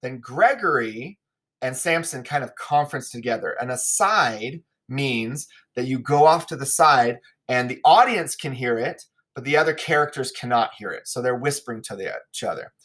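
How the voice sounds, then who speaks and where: A male teacher talks through a play lesson in a casual, conversational way. He uses plenty of fillers and keeps checking in with his students. His pitch sits in a middle range. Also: animated, moderate pace, a bit bright. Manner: casual explaining with many fillers, checking in with "right?". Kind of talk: recorded lesson walkthrough.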